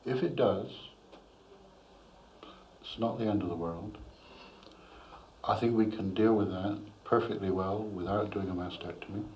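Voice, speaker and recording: Calm, deep-voiced male consultant. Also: a little slow, long pauses. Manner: calm, frank and reassuring. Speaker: cancer consultant. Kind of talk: doctor-patient consultation. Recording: dull, slightly noisy 1980s documentary audio.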